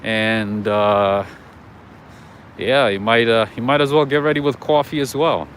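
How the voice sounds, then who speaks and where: A man's voice: medium pitch, fairly even intonation, a little slow, fairly bright tone, a little hiss or hum. Chatty man livestreaming on a city walk. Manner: chatty, storytelling, reads out viewer chat. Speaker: livestream host. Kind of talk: casual live walking stream, chatting with viewers. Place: outdoors on city streets.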